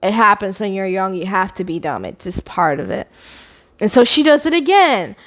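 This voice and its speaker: A woman's voice: mid-range voice, very animated, moderate pace, fairly bright tone. A woman retelling a novel's plot in a casual, chatty ramble, with sarcastic asides. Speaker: book vlogger.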